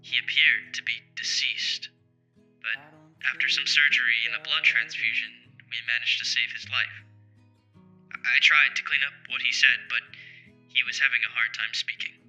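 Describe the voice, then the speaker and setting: A man voicing a calm male hospital doctor who reports in a polite, matter-of-fact way in an amateur story drama. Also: mid-range voice, moderate pace, faint music behind, poor audio.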